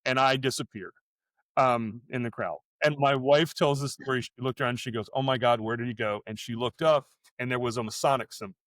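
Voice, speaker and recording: A man's voice: medium pitch, brisk, a bit bright, no room sound. A middle-aged American man co-hosting a podcast, telling a long story in casual chat and often breaking off and restarting his sentences. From United States. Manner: rambling, self-interrupting storyteller. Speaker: podcast co-host.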